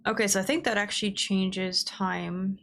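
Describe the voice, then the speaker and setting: A woman's voice: medium pitch, steady tone, moderate pace, vocal fry, fairly bright tone, a little hiss or hum. A woman gaming livestreamer chatting casually at her desk, talking bluntly and swearing freely while she plays.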